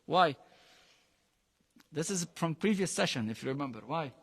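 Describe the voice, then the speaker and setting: Higher-voiced man. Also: lively intonation, moderate pace, a bit bright, slightly rough, big-room sound. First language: Arabic. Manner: quizzes the class with frequent questions; emphatic, mixes Arabic phrases into English. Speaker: Quran teacher. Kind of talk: Quran lesson to a live class.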